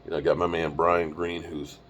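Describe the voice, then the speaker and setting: A man's voice: rumbling low, little pitch movement, brisk, fairly bright tone, muffled recording, slight background noise. A man in his fifties, tired and rambling, talking casually on a live stream from the road through a microphone and small mixer. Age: 50s. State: tired, yawning. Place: on the road, mobile setup.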